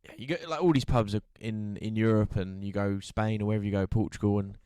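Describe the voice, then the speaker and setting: A man's voice: on the low side, steady tone, fast, dark tone, smooth, no room sound, clean studio sound. A man co-hosting a podcast, chatting casually and rambling through a story. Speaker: podcast co-host. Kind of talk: casual chat.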